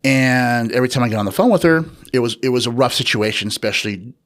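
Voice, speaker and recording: A man speaking as an interview guest, recounting a personal story. He talks in an unhurried, reflective way, pausing often and filling gaps with small hesitations. His voice sits at an ordinary middle pitch for a man. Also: fairly bright tone. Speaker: interview guest, author and researcher.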